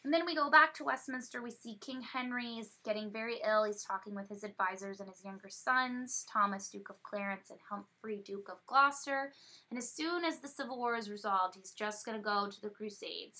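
A woman's voice: fairly high pitch, sharp tone. A woman casually retelling a story's plot in a chatty, slangy way. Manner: chatty and slangy, with playful paraphrased quotes. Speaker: presenter summarizing a story.

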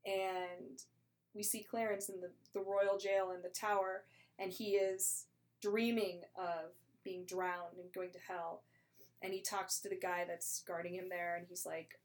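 A woman in a casual chat, retelling a play in a chatty, animated way and acting out the characters' lines. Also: on the low side, unhurried.

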